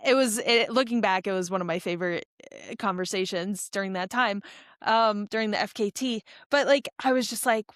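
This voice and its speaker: A young woman recounts a race in a loose, chatty way, stumbling over restarts and fillers as she goes. Her voice sits at an ordinary middle pitch, and the sound is dry, with almost no room in it. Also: normal speed, no echo. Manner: animated, rambling storytelling with many fillers and restarts. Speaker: podcast guest, ultra runner. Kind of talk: casual storytelling interview.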